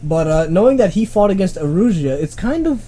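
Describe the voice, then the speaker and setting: Young guy hosting a home podcast, laughs a lot, trips over words, highish voice, mic volume all over. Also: fairly quick, a little hiss or hum. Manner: animated, laughs often, stumbles over words. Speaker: podcast host. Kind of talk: casual podcast chat. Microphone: home microphone, uneven volume.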